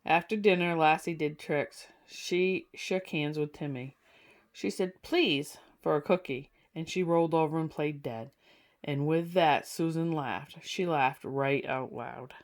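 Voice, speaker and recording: A woman's voice: low voice, measured pace. A woman reading an old children's book aloud to listeners, adding chatty asides between passages.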